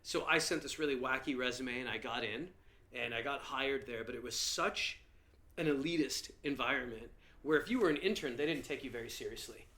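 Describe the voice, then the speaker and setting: A male comedian guest telling stories in a casual podcast interview with an animated, lively manner. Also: mid-range voice, brisk.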